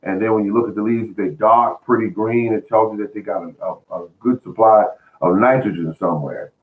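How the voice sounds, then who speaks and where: A man's voice: fairly low pitch, fairly quick. A man hosting a home gardening show, giving casual advice in a folksy, earnest way and often repeating words as he restarts. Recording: tinny phone-like sound.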